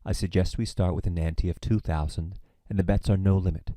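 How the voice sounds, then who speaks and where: An actor reading a smooth, menacing devil in a screenplay reading, polite and measured. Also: male voice, low-pitched, fairly even intonation, warm tone, no room sound, clean studio sound, close to an everyday voice. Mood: cool. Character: smooth menacing male devil, courteous and cold. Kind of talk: table read of a screenplay.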